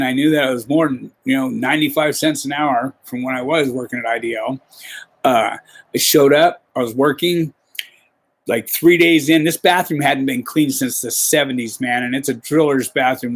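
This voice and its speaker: A man hosting a podcast, telling a rambling, profane work story in casual talk. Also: medium pitch. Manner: profane, rambling, peppers with "you know". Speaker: podcast host.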